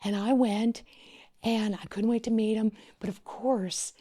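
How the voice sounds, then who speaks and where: A middle-aged wedding planner from Louisiana, USA, tells her story animatedly as a podcast guest in a husky, breathy voice. She's expressive, often dropping to near-whispers before rising excitedly, with fairly high pitch and a measured pace.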